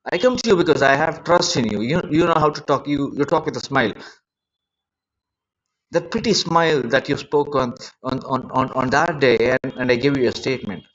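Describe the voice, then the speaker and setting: A man's voice: mid-range voice, moderate pace, a bit bright, muffled recording. A man rambling in an unscripted live-stream monologue, agitated and emotional, repeating himself as he talks into a phone.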